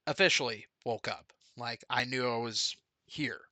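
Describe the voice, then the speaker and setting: A man's voice: medium pitch, measured pace, sharp tone, no room sound. A man in a candid, rambling personal video update about a dream and his grief. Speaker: vlogger.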